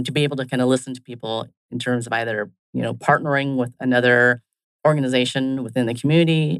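A man's voice: medium pitch, fairly bright tone, clean tone, no room sound, low-quality recording. A man being interviewed as a business leader, speaking in business phrases and leaning on "kind of" and "right?". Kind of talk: conversational interview.

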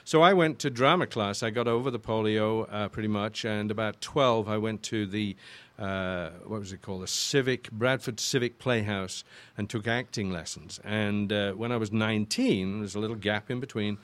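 A man's voice: fairly low pitch, moderate pace, a bit bright. An older man from Yorkshire with an English accent, a voice actor chatting as a guest in an interview and rambling through his stories with restarts. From Yorkshire, northern England. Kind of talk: casual interview chat.

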